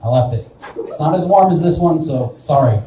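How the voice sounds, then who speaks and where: A man's voice: a little high, animated, brisk, warm tone, slight background noise. A young man from Wichita doing a rambling, self-deprecating stand-up set in a bar, often laughing at his own jokes. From Wichita, Kansas. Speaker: stand-up comedian. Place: small bar, live stage. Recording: echoey bar room, voice from a distance.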